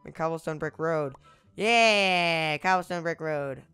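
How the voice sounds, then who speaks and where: A young man giving goofy let's play commentary, exclaiming loudly and slipping into whispered sneaky asides. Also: on the high side, a little slow, clean tone, soft background music. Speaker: gaming video host.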